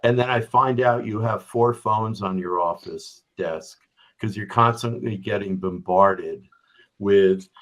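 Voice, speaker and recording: Taking his time in a lowish voice, a middle-aged or older man guests on a remote podcast as a business strategy executive. He makes his points conversationally with examples and frequent "right?" check-ins, over poor audio.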